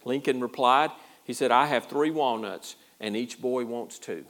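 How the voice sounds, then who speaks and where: A man's voice: medium pitch, measured pace, fairly bright tone. A man preaching a sermon as pastor, in a folksy, self-deprecating way with a lot of repeated words. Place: church.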